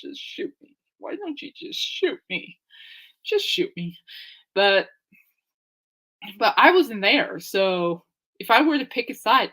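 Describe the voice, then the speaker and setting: A woman hosting her own podcast, chatting in a loose, rambling way, trailing off, circling back and laughing at herself. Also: mid-range voice. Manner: rambling, animated, laughs often, jumps between thoughts. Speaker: podcast host. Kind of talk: casual rambling chat.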